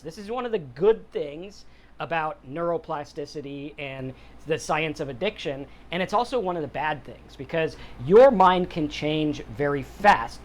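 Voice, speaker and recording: A middle-aged man hosting a podcast, talking casually and plainly about mental health and sobriety. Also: on the high side. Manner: conversational, acts out quotes in other voices. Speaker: podcast host. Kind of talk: casual motivational talk on sobriety.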